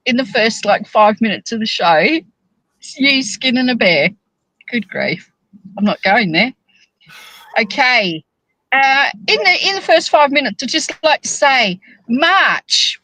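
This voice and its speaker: High-voiced, teasing woman. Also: no room sound, low-quality recording. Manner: teasing, chatty, animated. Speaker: monthly guest co-host. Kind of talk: casual podcast chat.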